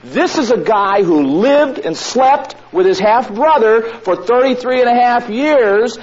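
A man's voice: extremely high pitch, lively intonation, measured pace, slightly rough. A man preaching a sermon, emphatic, who repeats his key lines for stress. The recording sounds dull and lo-fi, with faint noise behind him.

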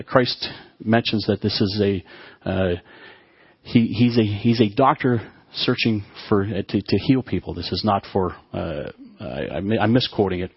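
A man with a low, husky voice delivers a sermon to his congregation. He often stops and repeats words before finding the phrase. The sound is dry and a little dull. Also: dry recording. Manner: halting, with frequent restarts and repeated words. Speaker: pastor.

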